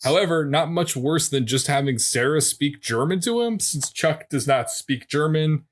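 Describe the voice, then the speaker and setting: A man co-hosting a podcast, narrating an episode recap in a steady way with dry little asides. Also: fairly high pitch, normal speed. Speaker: podcast co-host.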